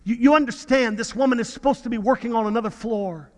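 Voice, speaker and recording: A man's voice: very high-pitched, fast talker, darkish tone, long reverb tail. A man preaching a sermon, telling a personal story earnestly, often repeating and restarting his words. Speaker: pastor.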